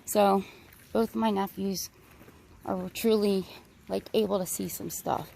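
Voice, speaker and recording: A woman vlogging as she walks a wooded park trail, chatty, rambling and excitable, a little out of breath. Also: mid-range voice, unhurried, vocal fry. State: slightly out of breath. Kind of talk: casual walking vlog narration. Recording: outdoor recording, crickets and faint background noise.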